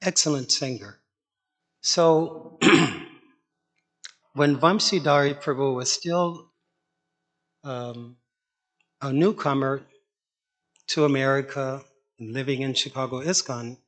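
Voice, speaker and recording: A man's voice: mid-range voice, a little slow, long pauses. A man telling anecdotes at a memorial, apologetic about the time and chuckling. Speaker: speaker at a memorial. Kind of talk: anecdotal eulogy.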